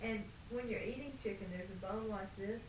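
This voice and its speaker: A woman interviewer in a mid-range voice asks prompting questions and trails off so the other person can finish. The old tape has a roomy sound. A steady hiss runs under her voice. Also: mid-range voice, a little fast. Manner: prompting, leaves sentences open to be finished. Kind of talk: dialect survey interview.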